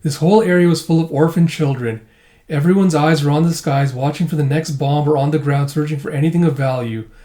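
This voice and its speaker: Forgetful old man, high and thin, doddering and mumbling , put on by a man reading a comic aloud. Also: fairly even intonation, brisk, dark tone, natural voice. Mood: musing.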